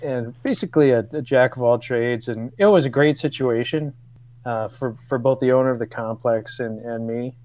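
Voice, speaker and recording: A man in his fifties, a guest on a radio show, telling old stories with laughs and halting restarts. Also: medium pitch, darkish tone. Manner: storytelling, laughs often, hesitant restarts. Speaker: guest, former radio co-producer. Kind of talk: casual radio chat.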